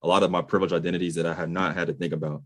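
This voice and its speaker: A man's voice: low-pitched, little pitch movement, very fast, a bit bright, dry recording. A man in his late twenties from the United States hosting a podcast interview, earnest and emphatic, casual with slang. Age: late 20s. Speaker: podcast host.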